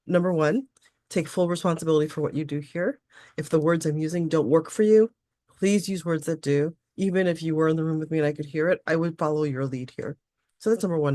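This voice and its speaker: A woman coaching a tapping session, calm and frank, leading listeners through repeated phrases with the odd swear. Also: low voice, no room sound, studio quality.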